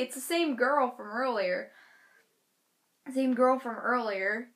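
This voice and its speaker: A teenage girl telling a storytime vlog, animated, acting out quotes with loud shouted bursts. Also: fairly high pitch, measured pace, pauses often. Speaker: vlogger.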